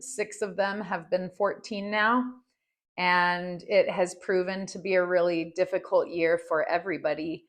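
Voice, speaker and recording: A woman in her forties hosting a personal podcast, talking in a heartfelt, earnest way. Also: lowish voice. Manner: heartfelt and earnest, speaks slowly. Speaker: podcast host. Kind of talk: personal reflective podcast talk.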